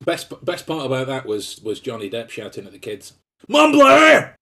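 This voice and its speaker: A man's voice: mid-range voice, lively intonation, brisk. A man co-hosting a podcast in casual comedic chat, jokey and self-mocking, rambling with restarts. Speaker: podcast co-host.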